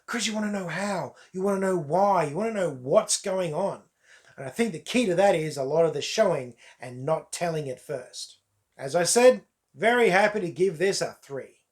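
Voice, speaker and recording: A man, chatting through a casual solo film review to his viewers, emphatic and repeating words for stress. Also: sits high. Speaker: movie reviewer.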